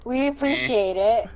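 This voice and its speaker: A woman playing in a tabletop game, easygoing and giggly. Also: high-pitched. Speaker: player. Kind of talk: casual tabletop chat.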